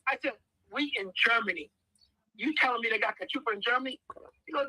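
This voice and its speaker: Extremely high-pitched and fast, this American storyteller in his 50s animatedly voices the characters in his casual stories as a podcast guest. The recording has no echo but poor audio quality.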